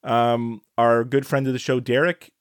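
A man co-hosting a casual podcast chat, excitable and quick to laugh, often tripping over his words and restarting. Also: mid-range voice, clear, resonant tone, dry recording, studio quality. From Canada. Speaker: podcast co-host.

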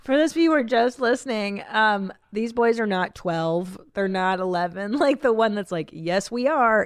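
A woman in her forties hosting a podcast, chatting casually and comically, animated and swearing freely with quick tangents. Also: lowish voice, creaky, no echo. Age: 40s. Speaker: podcast host. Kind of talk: casual comedic chat.

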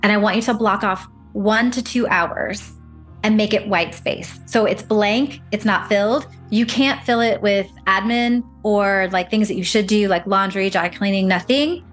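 A woman's voice: mid-range voice, unhurried, faint music behind. A woman speaking as a career break coach in an interview, giving encouraging advice and acting out little inner voices.

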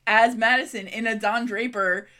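A woman's voice: a little high, fairly even intonation, normal speed, sharp tone. A young woman co-hosting a podcast, ranting about a movie in exasperated, laughing bursts. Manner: exasperated, laughing, swearing rants. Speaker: podcast co-host. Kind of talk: casual movie-recap chat.

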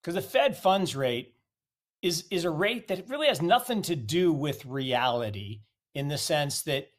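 A man with a somewhat high voice delivers forceful, opinionated market commentary. He presses his points with strings of rhetorical questions and blunt declarations. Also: animated, a little slow. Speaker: guest commentator.

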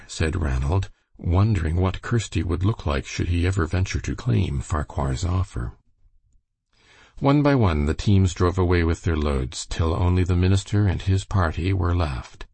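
A man's voice: low-pitched, lively intonation, moderate pace, gravelly, darkish tone, breathy edge, no room sound. A man reading a novel aloud as an audiobook narrator, expressively. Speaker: audiobook reader. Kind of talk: scripted narration.

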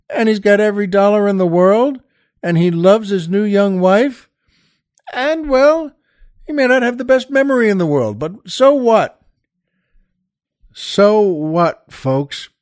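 A man's voice: high voice, animated, moderate pace, darkish tone, no echo, clean studio sound. A man hosting a show, telling a joke in a chatty, folksy way with plenty of fillers. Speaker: show host.

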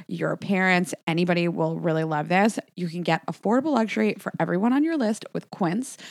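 A woman's voice: fairly low pitch, vocal fry, no room sound, studio quality. A woman co-hosting a podcast in casual chat and reading an ad, upbeat and chatty. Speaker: podcast co-host.

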